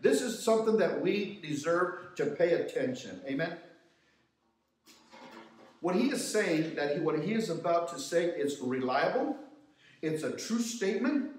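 A man teaching a youth Sunday class in a church, preaching with repeated rhetorical questions and frequent restarts. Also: fairly high pitch. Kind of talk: sermon-style Bible lesson. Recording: very echoey church hall, voice from a distance.

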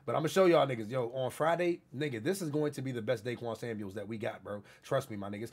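A man's voice: mid-range voice, fast, few pauses, a little mellow. A young man hosting a livestream, chatting casually with viewers in a hyped, profane way and repeating his catchphrases. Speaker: livestream host.

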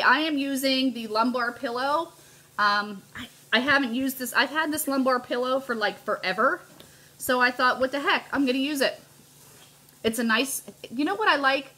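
A woman's voice: on the high side, sharp tone. A middle-aged woman hosting a live crafting demo, bubbly and gushing as she chats with her viewers. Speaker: host of a live crafting stream.

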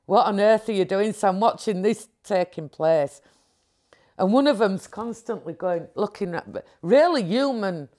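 A woman telling a candid personal story in an interview, animated and acting out movements as she talks. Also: on the low side. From England.

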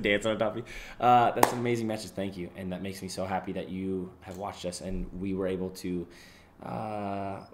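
A young man live-streaming, casually reading out donations and thanking viewers, swearing freely and yelling when a game goes wrong. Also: lowish voice, slight background noise. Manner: excitable, swears freely, yells during gameplay. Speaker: livestreamer.

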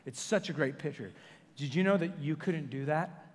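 A man preaching a sermon as senior pastor, joking and telling stories with quick self-corrections, in a church sanctuary. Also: on the high side, long reverb tail. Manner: jokey, animated storytelling with self-corrections.

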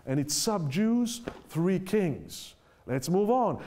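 A man preaching a sermon who stresses his points, asks his listeners rhetorical questions and reads scripture aloud slowly. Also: high voice, sing-song, a little mellow.

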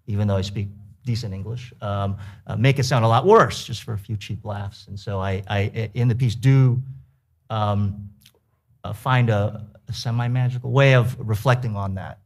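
A man's voice: fairly low pitch, moderate pace, creaky. A man speaking on a book panel, hesitant and thoughtful, with many fillers and restarts, then reading from his essay. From United States. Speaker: author at a book talk. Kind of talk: panel talk and reading aloud.

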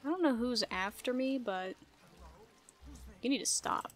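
A woman giving casual gameplay commentary, playful and easily startled, laughing often and yelling at enemies. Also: fairly high pitch, expressive, measured pace, faint music behind. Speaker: gaming video creator.

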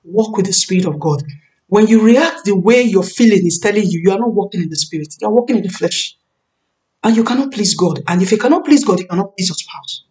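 A woman's voice: medium pitch, animated, a little mellow. Emphatic woman preacher, slightly distant mic. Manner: emphatic, repeats key phrases, slows to stress words. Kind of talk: sermon on marriage. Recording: voice a bit far from the mic.

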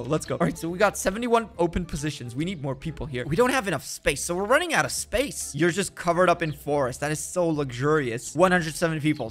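A man with a fairly high voice gives teasing let's play commentary, half scolding and half coddling the tiny citizens of the town he builds. He jokes in a dry, mock-sarcastic tone, and soft music plays faintly underneath. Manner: playful, mock-sarcastic, talks to the little townspeople. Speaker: gaming YouTuber.

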